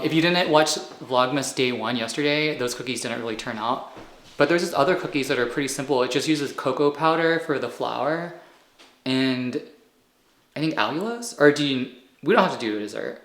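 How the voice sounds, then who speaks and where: A man's voice: medium pitch, normal speed, fairly bright tone, a little hiss or hum. A man vlogging at home in a casual, rambling way, explaining skincare and anti-aging science. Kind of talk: casual vlog chat. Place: home, indoors.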